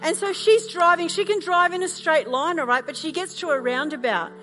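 A middle-aged Australian woman pastor preaching a sermon, telling animated stories with self-mocking humor. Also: extremely high pitch, brisk. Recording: music playing underneath.

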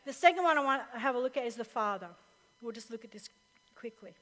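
A woman pastor preaching a sermon to a live audience, telling stories in an animated way with frequent laughter. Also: fairly high pitch, fast. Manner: animated storytelling, laughs often. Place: church hall with live audience. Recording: reverberant live hall recording.

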